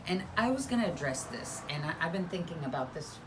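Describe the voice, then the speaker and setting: A middle-aged woman pastor co-hosting a casual live stream from a home studio, chatty and playful and speaking in a hushed voice. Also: deep voice, big pitch swings, a little fast, noisy background. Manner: chatty and playful, rambling with fillers. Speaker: pastor and co-host. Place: spare room turned home studio.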